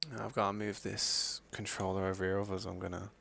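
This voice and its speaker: A man's voice: low voice, little pitch movement, fast, creaky, fairly bright tone. A man streaming from home, chatting casually into a desk mic in a rambling, slangy way. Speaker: gaming streamer. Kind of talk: casual live-stream chat. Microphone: desk microphone.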